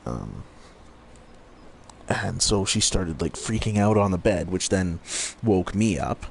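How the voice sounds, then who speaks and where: A man's voice: sits low, a little slow, creaky, a little hiss or hum. A man chatting casually while gaming, rambling through a story with lots of fillers. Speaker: co-host.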